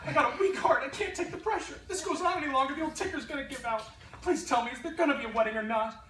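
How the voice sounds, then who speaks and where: A woman plays a harried male producer at his wits' end, blustering in a rush. The voice is very high, bright and quick. It echoes from well back in a theater. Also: recorded from a distance. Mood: frantic. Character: frantic male show producer, nervous wreck.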